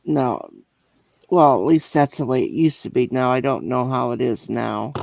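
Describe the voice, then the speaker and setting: A man in casual chat giving short, slow replies. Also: mid-range voice, gravelly, darkish tone, dry recording. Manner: slow, brief responses. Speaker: listener.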